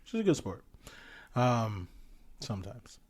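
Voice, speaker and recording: A man co-hosting a podcast, telling a story in a relaxed, wry way with chuckles. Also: mid-range voice, takes it slowly, husky. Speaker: podcast co-host. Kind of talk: casual movie review chat.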